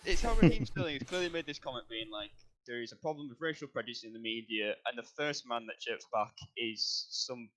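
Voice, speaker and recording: Young bloke on a podcast, mid pitch, rambles then rants. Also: male voice, brisk, few pauses, pushed and bright, slight background noise. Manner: builds into heated ranting with hesitant fillers. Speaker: podcast co-host. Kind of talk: casual chat.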